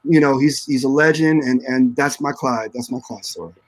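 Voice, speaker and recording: A man's voice: mid-range voice, moderate pace, poor audio. A man speaking as a guest drummer in a casual panel chat, emotional and searching for words.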